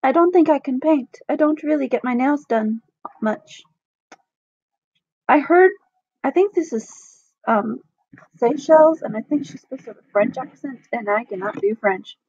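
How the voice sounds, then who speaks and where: High-voiced woman with giggly asides. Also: lively intonation, normal speed, a little mellow, breathy edge, no room sound, muffled recording. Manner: self-conscious, giggly asides. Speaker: fan voice actor. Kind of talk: reading a game script aloud.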